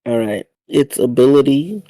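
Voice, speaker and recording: A young man acting as game master, briskly reading out moves and rules and recapping the story in a casual tone. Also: medium pitch, expressive, mellow, dry recording, poor audio. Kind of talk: running a tabletop game over voice chat.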